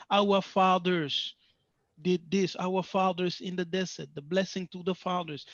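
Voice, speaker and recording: A man's voice: high-pitched, gravelly, no echo. A man teaching a sabbath class, speaking emphatically, repeating phrases and asking rhetorical questions. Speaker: religious teacher. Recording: dull lo-fi sound, dry.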